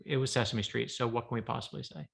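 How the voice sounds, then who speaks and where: A middle-aged author, a man, chatting as an interview guest and telling lively stories, acting out the voices of the people in them. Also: mid-range voice, quick pace, gravelly. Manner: animated storyteller, acts out quoted voices. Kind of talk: casual interview chat.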